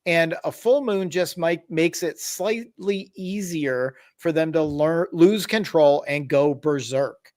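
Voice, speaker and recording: A man's voice: a little high, slow, hardly any pauses, a little mellow. A man hosting a podcast, casually telling a tabletop horror story with wry asides and explanations. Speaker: podcast host.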